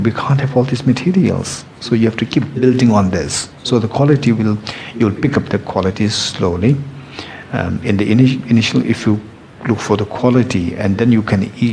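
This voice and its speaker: A man's voice: fairly low pitch, a little mellow, slight background noise, poor audio. A man teaching meditation practice to a class, earnest and repeating his key points in plain, slightly non-native phrasing. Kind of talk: dharma teaching.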